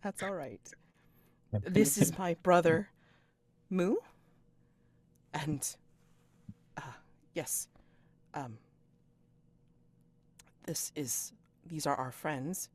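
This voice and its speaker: A woman's voice: deep voice, extremely slow, long pauses, a little mellow, voice pushed up. Woman doing a proud, composed school head, dry and a touch wry.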